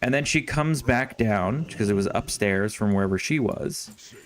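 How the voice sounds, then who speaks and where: Speaking in a lowish voice at a moderate pace, this young gamer spins a lengthy tale mid-stream. The storytelling is loose and profane, cluttered with fillers and false starts.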